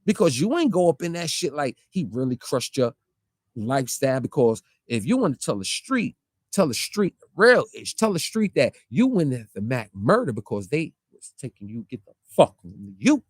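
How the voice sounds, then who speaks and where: A man's voice: medium pitch, big pitch swings, dry recording, studio quality. A man delivering a heated, confrontational street-talk rant, firing rhetorical questions and mocking the person he calls out. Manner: confrontational, rapid-fire rhetorical questions, mocking quoted voices. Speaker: online commentator.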